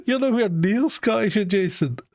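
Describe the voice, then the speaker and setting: A man's voice: sits high, lively intonation, moderate pace, darkish tone, no room sound. A man hosting a podcast in casual chat, teasing his guest and laughing often. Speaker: podcast host.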